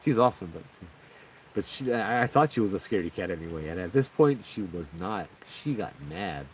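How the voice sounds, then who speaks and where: A man with a Hawaiian accent tells a ghost story in an easy, conversational way, slipping into the voices of the people in it. His voice sits on the low side and comes from a little way off the mic. A faint hum of crickets carries behind him. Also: a little fast. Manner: conversational, animated retelling with quoted voices. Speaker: paranormal storyteller. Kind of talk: casual spoken ghost story. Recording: distant mic with faint background noise.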